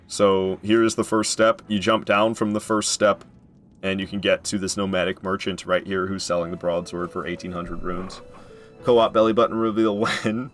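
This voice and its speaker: Casual male streamer, lowish voice, jokey and talkative with chat, soft game music underneath. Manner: chatty, joking, often laughing and answering chat. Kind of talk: casual live-stream commentary. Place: at home.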